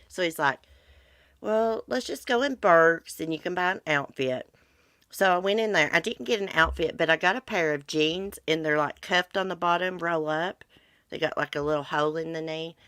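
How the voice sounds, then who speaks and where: With a low, bright voice and a forceful tone, a congested middle-aged woman chats bluntly on her casual livestream, discussing true crime with viewers. The studio-quality recording has no room sound.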